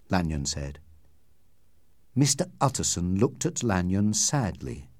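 A man narrating an audiobook in a clear, measured reading style. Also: sits low, sing-song, no echo, studio quality.

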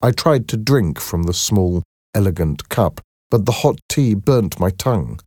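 A man narrating a scripted story in a slow, clear storytelling manner. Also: fairly low pitch, lively intonation, warm tone, dry recording, studio quality.

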